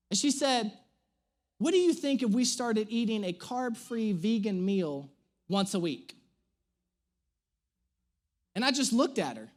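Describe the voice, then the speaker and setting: High-voiced man telling a sermon story. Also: unhurried, pauses often. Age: 30s. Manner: storytelling, animated and self-mocking. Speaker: pastor. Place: church stage.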